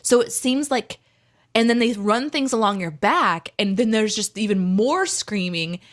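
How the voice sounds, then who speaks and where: A young adult woman co-hosting a live talk stream, chatting casually and telling stories in an expressive way while she reads out viewer comments. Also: mid-range voice, measured pace.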